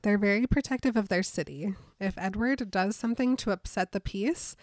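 A woman's voice: mid-range voice, normal speed, no room sound, clean studio sound. A woman in casual chat, recapping a novel and acting out its lines with laughter. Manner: animated, laughs often, acts out characters' lines. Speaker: podcast co-host recapping a book. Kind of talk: casual chat, reading and acting out book passages.

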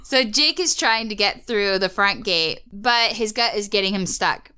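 Bright, crisp-voiced woman chatting. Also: medium pitch, measured pace. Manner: chatty, opinionated, laughs often. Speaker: podcast co-host recapping a cartoon episode. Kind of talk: casual chat.

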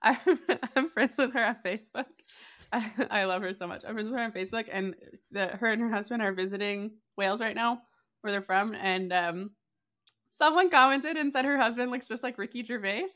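A woman's voice: on the high side, a little fast, a bit bright. A woman co-hosting a podcast, playful and joking in casual chat. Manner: playful, joking, laughs easily. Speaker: podcast co-host.

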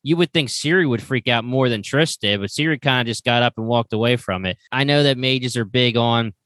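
A man co-hosting a podcast, rambling through an animated retelling in casual chat. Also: medium pitch, a little fast, dry recording. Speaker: podcast co-host.

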